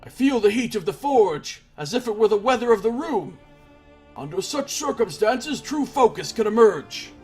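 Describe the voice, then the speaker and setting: A man reading a proud, zealous woman blacksmith in a game aloud, in a husky raised voice with earnest, declaiming delivery. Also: high-pitched, animated, normal speed, a little mellow, faint music behind, voice pushed up.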